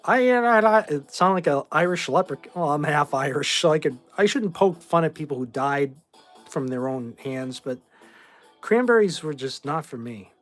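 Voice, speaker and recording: A man in his forties from Boston, hosting a casual livestream chat and answering viewer questions in a rambling, offhand way with blunt opinions. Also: fairly high pitch. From Boston, Massachusetts. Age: 40s. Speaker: host.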